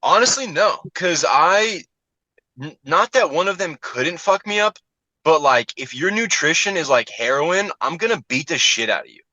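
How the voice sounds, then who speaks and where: A man telling profane, animated stories in casual chat as a comedian guest on a podcast, acting out the people he quotes. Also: on the high side, normal speed, rough recording.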